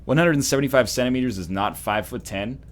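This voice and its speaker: A man's voice: mid-range voice, quick pace. A Canadian man hosting a let's play, chatting in a rambling, jokey way while he games. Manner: rambling, jokey, animated storytelling. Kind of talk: casual gaming commentary.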